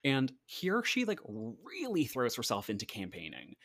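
A man's voice: medium pitch, wildly swooping pitch, normal speed, a bit bright, no echo. A man co-hosting a podcast, telling a history story in a chatty, casual way with lots of "like". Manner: chatty, uses "like" often, acts out quotes. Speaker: podcast co-host.

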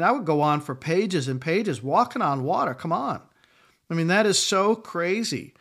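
A man's voice: a little high, a bit bright. A middle-aged man preaching a sermon in a conversational way, acting out quotes along the way. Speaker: pastor.

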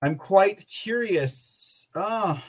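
A man's voice: sits high, lively intonation, very slow, husky. A man hosting a political commentary podcast, sarcastic and often laughing. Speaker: podcast host.

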